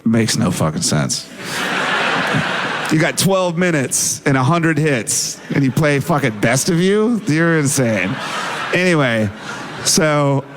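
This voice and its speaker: Profane, animated man telling a story. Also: on the high side, takes it slowly, background noise. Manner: animated, profane, acts out quoted dialogue. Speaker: interview guest. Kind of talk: casual storytelling.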